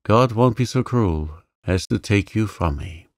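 Guy doing a fiery young woman, earnest and pleading, low gravelly voice. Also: lively intonation, unhurried, a little mellow, no room sound, studio quality. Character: passionate, headstrong young woman, loving sister.

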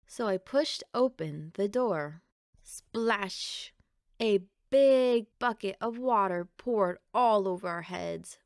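A woman reads a children's picture book aloud at an unhurried pace. Her mid-range voice is gentle and expressive. The sound is close and dry. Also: medium pitch, clean tone, dry recording. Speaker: storybook reader.

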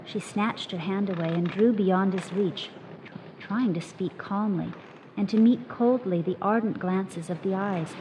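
A woman reads a story aloud, measured and expressive, her voice at an ordinary middle pitch. A loud hiss of noise lies under the whole recording. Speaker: reader.

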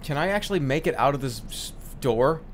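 A man's voice: fairly high pitch, animated, fairly quick, slight background noise. A man giving sarcastic, exasperated let's play commentary, swearing and laughing at a glitchy game. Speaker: gaming commentator.

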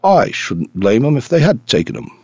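A gruff, impatient young radical, voiced by a male narrator lectures in a growling tone. The voice is husky and swings widely in pitch, recorded close and dry like a studio audiobook. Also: very animated, normal speed, darkish tone, no room sound. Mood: sardonic.

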